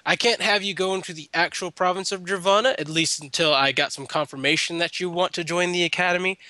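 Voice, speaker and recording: A man voicing a courteous, formal male official who recruits mages, speaking in a measured, bureaucratic way. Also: high voice, fairly even intonation, sharp tone, dry recording.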